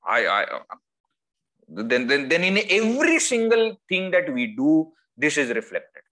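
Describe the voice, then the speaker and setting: A man with an Indian English accent giving a spiritual discourse over a video call, telling stories with lively swings of voice. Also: measured pace. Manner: lively storytelling, acts out quoted voices with wide swings in pitch. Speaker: spiritual teacher. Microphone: video call microphone.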